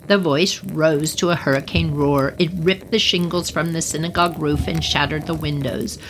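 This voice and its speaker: A woman's voice: low-pitched, steady tone, moderate pace, hardly any pauses, fairly bright tone, slight background noise, low-quality recording. A woman reading a story aloud on her podcast with playful, chatty asides.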